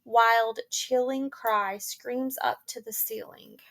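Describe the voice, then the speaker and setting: A woman's voice: on the high side, steady tone, slow pace, fairly bright tone. A woman teacher casually explaining and summarizing a play between readings, chatty and full of "like" and "you know".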